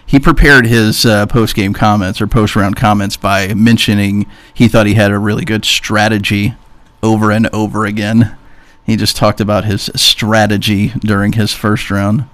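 A man with a fairly low voice hosts a casual sports radio show. He reads out trivia lists briskly and teases his partner between items. The studio sound is dry and close. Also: flat delivery, a bit bright, no room sound.

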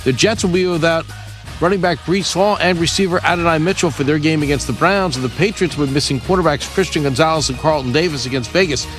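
A man reading a scripted sports news bulletin as the anchor, in a brisk newsreader delivery. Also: on the high side, fairly bright tone, soft background music.

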